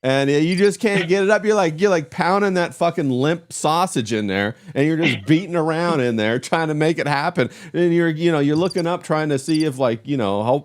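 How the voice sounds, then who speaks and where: An American man hosting a podcast with brash, crude casual banter. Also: a little high. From United States. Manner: brash, says "bro" and "you know" a lot. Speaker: podcast host.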